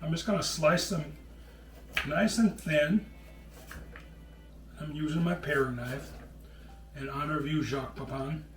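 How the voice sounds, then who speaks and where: A man's voice: on the high side, steady tone, a little slow, pauses often, fairly bright tone, reverberant, distant mic, faint music behind. A middle-aged man hosting a home cooking show, chatting casually as he preps vegetables and calls people "brother.". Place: home kitchen.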